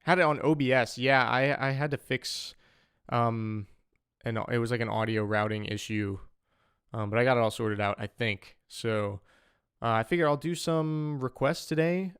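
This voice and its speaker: A young man chats casually with his livestream audience and greets viewers by name, rambling loosely as he goes. His voice is smooth and clear, with a mid-range pitch. It is recorded close and dry, with no room echo. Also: moderate pace, fairly bright tone. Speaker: streamer and musician.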